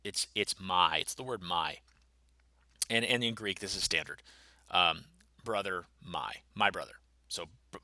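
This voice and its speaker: A man's voice: on the low side, sharp tone, no echo. A man, a pastor, thinking aloud through a Bible passage, musing and explaining its grammar step by step.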